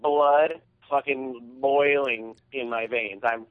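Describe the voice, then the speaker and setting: A man's voice: mid-range voice, fairly even intonation, slow pace. A man hosting a podcast, retelling an embarrassing story in a casual, profane, heated way. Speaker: podcast host. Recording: tinny phone-like sound.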